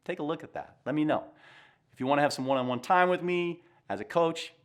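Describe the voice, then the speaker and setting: A middle-aged man, a communication coach, giving earnest, reflective advice straight to camera in a calm way. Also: on the high side, brisk.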